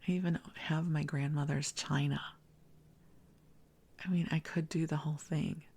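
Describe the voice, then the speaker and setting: Soft-spoken, husky middle-aged woman. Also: low-pitched, steady tone, moderate pace. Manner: soft, half-whispered, laughs at herself. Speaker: sleep podcast host. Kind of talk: soft bedtime rambling.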